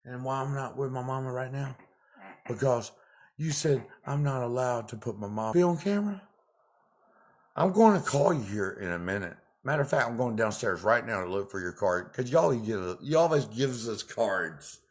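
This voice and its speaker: A man ranting angrily to the camera in a profane, confrontational way, repeating himself with loud outbursts. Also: medium pitch, normal speed.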